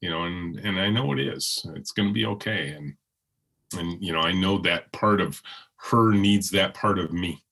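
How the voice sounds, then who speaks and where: A hoarse middle-aged man with a deep, husky voice answers interview questions. He rambles reflectively, restarting sentences and leaning on fillers as he thinks aloud. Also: normal speed, pushed and bright. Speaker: interview guest.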